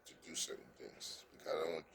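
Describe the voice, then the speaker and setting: A man's voice: fairly bright tone, a little hiss or hum. A man giving casual dating advice to the camera in an earnest, coaching way, often stumbling over words and checking "you understand?". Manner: halting, repeats words, keeps asking "you understand?".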